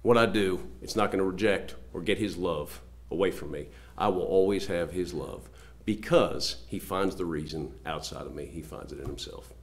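A man preaching a sermon, reading scripture aloud slowly and swinging between loud declarations and low, quiet asides.

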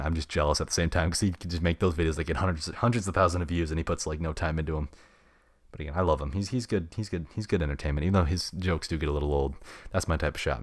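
Young male solo podcaster, deep, fast, casual rambler, dead-dry home mic. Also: no room sound. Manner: rambling, laid-back slang. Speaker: podcast host. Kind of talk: unscripted solo podcast chat. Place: home room. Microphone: studio mic with pop filter.

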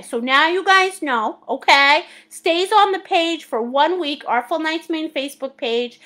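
A woman's voice: sits high, sharp tone. A middle-aged woman hosting a live painting class, bubbly and laughing often as she reads out viewers' comments and calls them sweetie and honey. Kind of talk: live-stream chat, reading viewer comments aloud.

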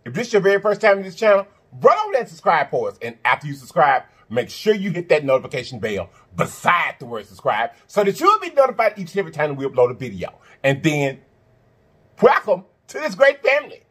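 Animated man hosting an eating show. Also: fairly high pitch, fast talker, breathy edge. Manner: animated, chants catchphrases, hums while eating. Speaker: mukbang channel host. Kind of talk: casual eating-show chat.

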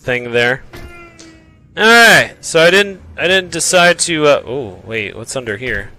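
A man casually commentating his own gameplay, rambling, joking and trash-talking the enemies, often repeating phrases in a drawn-out voice. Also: mid-range voice, animated, pushed and bright. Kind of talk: casual let's-play commentary.

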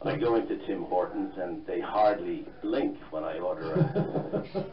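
Brief: Irish-born male guest author, very low voice, mixed accent, halting, heard from a distance in a roomy space. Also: big pitch swings, creaky, highs cut off, slight background noise. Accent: mixed Irish, London and Canadian. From Ireland. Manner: halting, many fillers and restarts. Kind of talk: radio interview.

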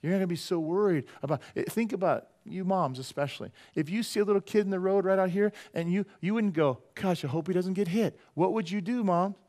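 Animated, jokey male pastor preaching. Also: high voice. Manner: animated and conversational, swinging between loud emphasis and quiet asides; jokey, drops into quick playful voices. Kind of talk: sermon.

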